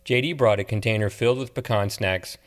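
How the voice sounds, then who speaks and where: Male audiobook narrator, lower voice, measured delivery. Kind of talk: scripted narration.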